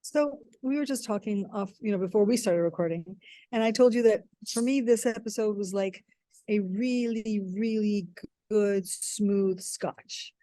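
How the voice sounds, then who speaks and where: Enthusiastic female co-host, mellow voice. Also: mid-range voice, unhurried, dry recording. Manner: enthusiastic, thinking aloud. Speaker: podcast co-host. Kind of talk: casual reflective chat.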